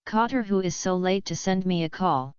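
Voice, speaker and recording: A woman voicing a boastful, spoiled young man from a rich family who brags and talks smoothly, in a dull lo-fi recording. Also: lowish voice, lively intonation, moderate pace, no room sound, close to an everyday voice. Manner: smooth-talking, bragging.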